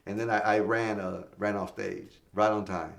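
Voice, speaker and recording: A man's voice: lowish voice, fairly even intonation, normal speed, gravelly. A middle-aged man, a stand-up comedian guest, telling casual stories in an interview, acting out quoted voices and swearing freely. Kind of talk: casual storytelling in a podcast interview.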